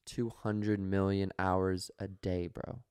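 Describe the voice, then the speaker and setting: A man in casual podcast chat, animated and rambling, full of fillers. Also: sits low, slow, clean tone. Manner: animated, rambling, filler-heavy, says bro.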